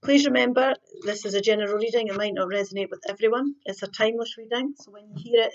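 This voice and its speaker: A woman's voice: on the high side, quick pace, few pauses, dull audio. A woman hosting a casual tarot card reading, chatting and thinking aloud as she pulls the cards. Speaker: tarot reader.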